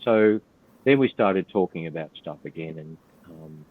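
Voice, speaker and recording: A man's voice: low-pitched, a little fast. An older Australian man, a retired police officer, telling a war story as a podcast guest in a blunt, profane, laid-back way. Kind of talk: storytelling in casual interview. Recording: tinny phone-like line.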